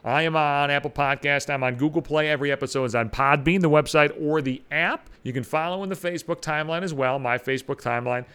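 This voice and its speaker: A man's voice: quick pace, few pauses, smooth. A man hosting his own podcast, ranting in a profane comic monologue with lots of swearing. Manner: rants with heavy swearing, animated swings in pitch. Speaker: podcast host.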